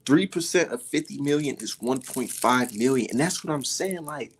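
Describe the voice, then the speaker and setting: A man's voice: medium pitch, expressive, moderate pace, few pauses, a little hiss or hum. A man giving loose, profane reaction commentary, often breaking into laughter and mockery. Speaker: online commentator.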